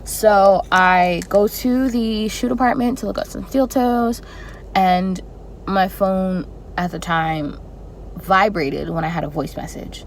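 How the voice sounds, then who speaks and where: A young woman telling a personal story in a casual vlog, animated and expressive with dramatic reactions. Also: mid-range voice, slow, slight background noise, rough recording. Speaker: flight attendant vlogger.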